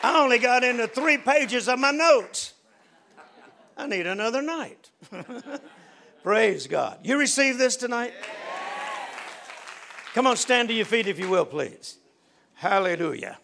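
An older man preaching a fervent sermon, leading the congregation in prayer and shouting praise. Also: very high voice, lively intonation, takes it slowly, vocal fry, long pauses, some chatter behind, slight background noise. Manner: fervent, shouting preaching with call-and-response prompts.

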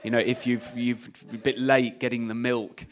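A man's voice: mid-range voice, little pitch movement, normal speed. A man preaching a conversational sermon, retelling a story with many "you know" asides. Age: adult, young child at home.

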